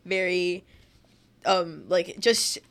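A woman's voice: on the low side, very slow. A young woman in casual chat, talking about TV shows with many fillers and frequent laughter. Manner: chatty, lots of "like" fillers, laughs often.

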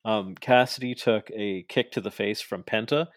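Young man podcaster, low voice, dry close sound, chatty and animated. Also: moderate pace, no echo. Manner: chatty, animated, acts out quoted lines. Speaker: podcast co-host. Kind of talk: casual wrestling recap chat.

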